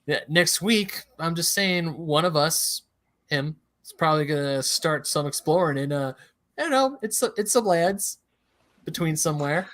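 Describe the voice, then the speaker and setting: A man's voice: on the high side, animated, moderate pace, fairly bright tone. Rambling, laughing male podcast co-host. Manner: rambling, self-correcting, laughs at own slips. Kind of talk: casual chat.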